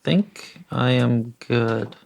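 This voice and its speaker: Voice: medium pitch, drawn-out words, gravelly, a little mellow. A player at a tabletop game, speaking hesitantly and asking questions. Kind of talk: casual tabletop game talk.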